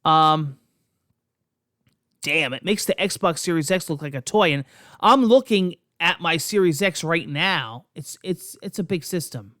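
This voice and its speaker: A gaming video host chatting excitedly about console news, rambling through restarts and scoffing at critics. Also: medium pitch, a little slow, dry recording, studio quality. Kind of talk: casual gaming news vlog.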